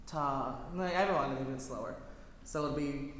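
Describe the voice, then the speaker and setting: A man's voice: medium pitch, measured pace, pauses often, music in the background. A man leading a choir rehearsal, chatty and detailed, correcting himself as he goes through the score. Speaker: choir director. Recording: echoey hall, faint noise.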